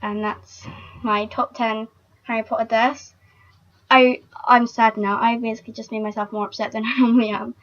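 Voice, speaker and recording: A woman's voice: a little high, little pitch movement, a little fast. A young woman vlogging casually, chatty and emotional, with lots of filler words. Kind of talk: casual fan vlog. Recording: dull lo-fi recording.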